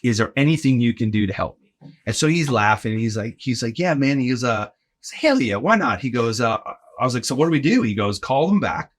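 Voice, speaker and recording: A man in his forties, a podcast guest, telling a long anecdote in a casual, animated way, acting out the people he quotes and peppering his talk with "like" and "right?". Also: mid-range voice, a little fast. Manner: animated, acts out quoted voices, lots of "like" and "right?". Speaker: podcast guest, arena in-game host.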